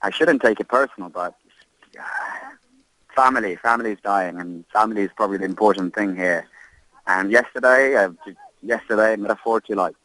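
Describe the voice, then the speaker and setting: A man, an expat giving an impassioned interview update, halting and repeating himself as he speaks. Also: fairly low pitch, a bit bright, no room sound, poor audio. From Libya. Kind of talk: emotional interview.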